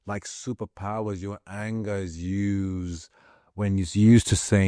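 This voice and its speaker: A man's voice: on the low side, level tone, slow, dark tone, no echo, clean studio sound. A man giving an impassioned spiritual pep talk, repeating his lines and swearing freely for emphasis. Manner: profane, repetitive, emphatic. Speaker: motivational speaker.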